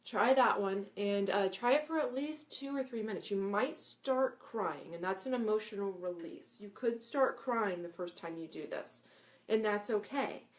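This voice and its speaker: A spiritual teacher gives a casual live lesson on breathing exercises, her voice medium in pitch and her pace moderate. She's chatty, often checking in with "right?" and "okay?", and demonstrates breathy "ha" sounds and chants.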